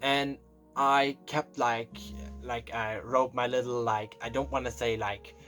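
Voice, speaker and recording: A man's voice: mid-range voice, steady tone, measured pace, a bit bright. A young man telling a confessional story, rambling and emotional, close to tears and swearing often. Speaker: vlogger. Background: faint background music.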